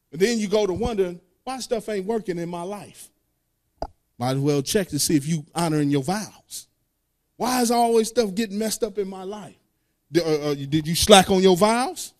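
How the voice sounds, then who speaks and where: A man's voice: high voice, lively intonation, moderate pace. A man preaching a sermon, reading scripture aloud and breaking into sung, call-and-response lines in casual speech.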